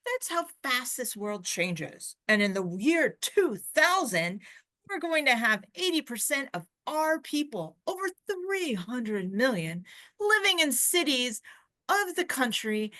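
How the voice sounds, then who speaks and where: Woman reading as older male president, put-on Southern accent, slow emphatic delivery, high bright voice. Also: sing-song, heavily acted. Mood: earnest. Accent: put-on Southern American. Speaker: reader. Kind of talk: reading a historical phone call aloud.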